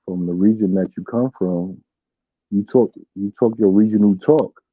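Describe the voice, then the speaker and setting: A man's voice: lowish voice, normal speed, no echo. A man co-hosting a casual podcast chat, agreeing often and talking loosely. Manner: agreeable, lots of affirming interjections. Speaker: podcast co-host. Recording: slightly muffled dry recording.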